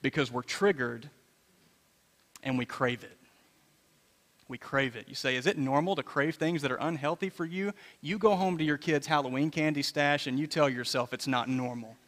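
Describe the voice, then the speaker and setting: A man's voice: on the high side, normal speed, a bit bright. A man in his fifties, a pastor, preaching a sermon in a conversational, storytelling way with repeated phrases. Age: 50s. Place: church sanctuary. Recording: long reverb of a church hall.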